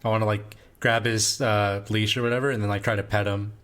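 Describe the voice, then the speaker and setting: Hesitant low-voiced man playing. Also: little pitch movement, fairly quick, a bit bright. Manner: hesitant, filler-heavy. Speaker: player. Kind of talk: casual tabletop play.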